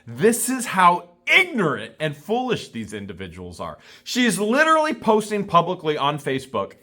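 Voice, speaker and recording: Man, indignant rant, scornful, higher-pitched, very animated swings. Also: moderate pace, hardly any pauses. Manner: indignant, scornful, repeats himself for emphasis. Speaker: vlogger. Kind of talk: ranting commentary to camera.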